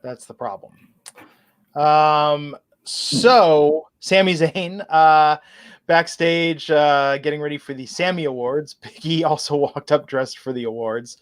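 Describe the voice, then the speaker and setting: A man's voice: a little high, slow pace. A man hosting a podcast, chatting casually about wrestling and reading out listener comments, with plenty of fillers. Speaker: podcast host. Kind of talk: casual wrestling review chat.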